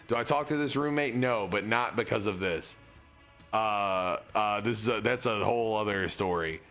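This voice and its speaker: A man's voice: on the low side, moderate pace, a bit bright, soft background music. A young man streaming, telling a long casual story in a rambling way, full of filler words.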